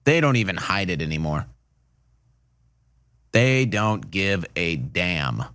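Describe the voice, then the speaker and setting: A man's voice: sits low, lively intonation, slow, long pauses, fairly bright tone, dry recording, clean studio sound. A man giving indignant political commentary, hammering his points through repetition. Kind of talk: opinion commentary.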